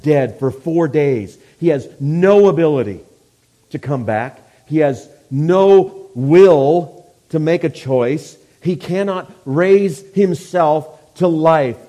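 A man preaching a sermon, swinging from hushed, quiet passages to loud, forceful declarations. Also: fairly high pitch.

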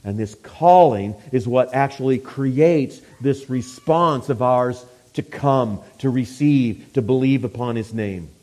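A man preaching a sermon, swinging from hushed, quiet passages to loud, forceful declarations. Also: mid-range voice, slow, hardly any pauses.

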